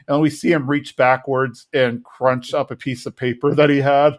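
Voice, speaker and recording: With hardly any pauses, a man co-hosting a podcast runs through an episode recap at normal speed in a steady, mid-range voice. He retells scenes casually, occasionally doing quick impressions of the characters.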